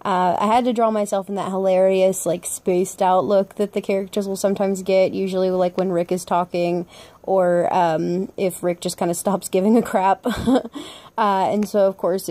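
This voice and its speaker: A woman's voice: mid-range voice, a little mellow. A young woman chatting casually and upbeat as she narrates her own art video, laughing often. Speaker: vlog host, artist. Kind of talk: casual voice-over commentary.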